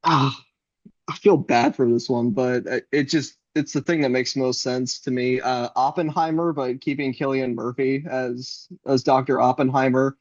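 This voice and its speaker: A man's voice: mid-range voice, fairly even intonation, normal speed, no room sound. Playful man on a dull, dry mic. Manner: laughs easily, playful, enthusiastic agreement. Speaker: podcast co-host. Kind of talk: casual chat.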